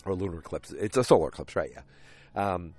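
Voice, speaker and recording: A man's voice: deep voice, animated, a little fast, a little mellow, breathy edge, no room sound, soft background music. A man casually recapping a TV episode, rambling along with lots of fillers and restarts.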